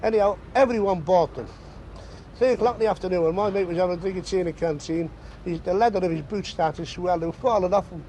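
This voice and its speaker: A man's voice: high voice, fast talker, slight background noise, poor audio. A man telling a funny anecdote, acting out the voices of the people in his story. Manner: lively yarn-spinning, acts out the voices in his story. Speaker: interviewee.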